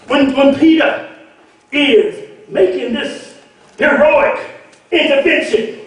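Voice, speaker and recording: High-voiced preacher in an echoey church. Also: male voice, slow pace. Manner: call-and-response preaching, repeats words, builds to shouts. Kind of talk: sermon. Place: church sanctuary. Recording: echoey church hall from far off.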